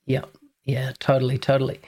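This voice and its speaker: A man with a New Zealand accent hosting a podcast interview, chatting in a relaxed, rambling way. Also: medium pitch, fairly quick. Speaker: podcast host. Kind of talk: casual interview chat.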